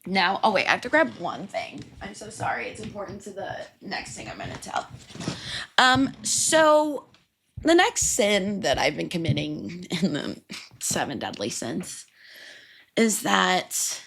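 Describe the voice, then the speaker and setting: A young woman hosts her own solo podcast, rambling casually, swearing often and laughing at her own stories about working as a server. Her mid-range voice is very animated, creaky, a bit bright and breathy, at a measured pace.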